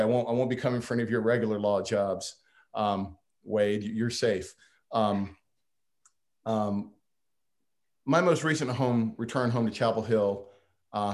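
A man's voice: lowish voice, a little mellow. A man giving a humorous, folksy farewell speech to a board, self-deprecating and prone to restarts.

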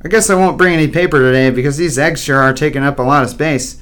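A man's voice: fairly high pitch, fast talker, a bit bright, natural voice. A man voicing an eager, naive sixth-grade boy in a storybook, talking earnestly and wonderingly to himself. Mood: cheerful. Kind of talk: storybook character voice.

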